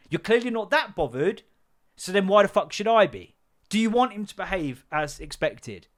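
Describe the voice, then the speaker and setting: A man's voice: sits high, sing-song, moderate pace, a bit bright. A man, a podcast host and father, ranting bluntly and with lots of swearing about his son's school. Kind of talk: comedic parenting rant.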